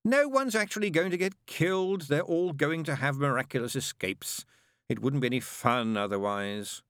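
A man's voice: a little high, moderate pace, a bit bright, dry recording, studio quality, voice pushed up, lightly acted. A man voicing a sardonic, impatient male demon who snaps and grumbles sarcastically. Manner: snappish, sarcastic.

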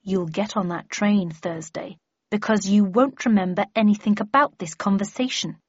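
A woman voicing a cold, scheming young villainess who talks in a smug, menacing, measured way. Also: medium pitch, darkish tone, husky, no room sound, muffled recording, natural voice.

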